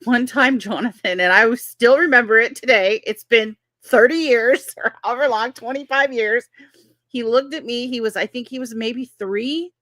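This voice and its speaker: A woman's voice: a little high, normal speed, a bit bright, no room sound, clean studio sound. A woman in her fifties hosting a casual chat, laughing often and telling stories with animation. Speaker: host. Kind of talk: casual chat reading live comments.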